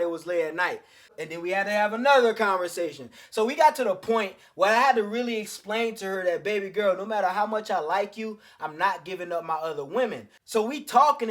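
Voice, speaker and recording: Blunt slangy man giving dating advice. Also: sits high. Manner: blunt, slangy, profane, addresses listeners as fellas. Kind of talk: casual storytelling monologue.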